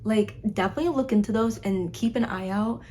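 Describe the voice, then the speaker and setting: With slight background noise behind her, a female vlogger from Chicago, United States, speaks fairly quickly in a warm, mid-range voice. She's in her 20s, bubbly and talkative, using "like" a lot in a casual talking-head vlog shot at home in winter.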